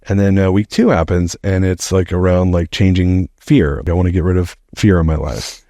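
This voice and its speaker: A man's voice: sits low, normal speed, no echo, clean studio sound. A middle-aged man, a podcast guest, telling a story in a casual, rambling way, swearing freely and saying "like" often. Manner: animated, rambling, heavy use of "like", swears freely.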